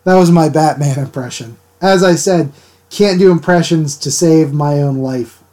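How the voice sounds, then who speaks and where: A man's voice: fairly high pitch, normal speed, mellow. A man chatting casually with his livestream viewers while he inks drawings, rambling and laughing as he answers them. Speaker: art livestreamer.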